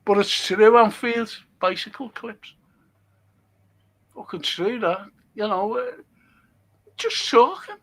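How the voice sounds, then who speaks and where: A man, a guest telling animated stories, swearing freely and laughing as he goes. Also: high voice, slow, long pauses. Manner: animated, swears a lot, laughs mid-story. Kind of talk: casual chat, storytelling.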